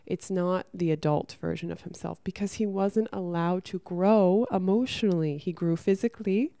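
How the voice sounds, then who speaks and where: A woman talking casually to camera about spiritual growth, chatty and soft, often saying "like" and restarting her sentences. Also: fairly low pitch, normal speed, vocal fry, no room sound. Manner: chatty, many "like" fillers and restarts.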